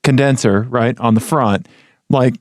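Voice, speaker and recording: A man hosting a car podcast, upbeat and quick to chime in with agreement. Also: mid-range voice, no echo, studio quality. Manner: upbeat, with quick affirming interjections. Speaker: podcast host. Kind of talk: casual chat.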